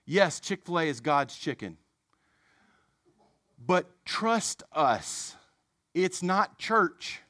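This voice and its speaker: Male preacher, young adult, conversational sermon with self-mocking asides, slightly high voice, dry recording. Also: big pitch swings, very slow, pauses often, pushed and bright, no room sound. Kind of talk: sermon storytelling.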